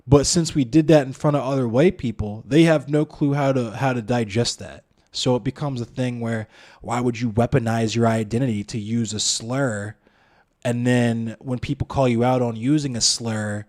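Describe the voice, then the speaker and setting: A male streamer in a heated, argumentative monologue. He talks straight at his chat, swears freely and keeps firing rhetorical questions, at an ordinary middle pitch for a man. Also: normal speed, a little mellow. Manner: profane, blunt, addresses chat and viewers directly. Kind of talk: heated live-stream commentary.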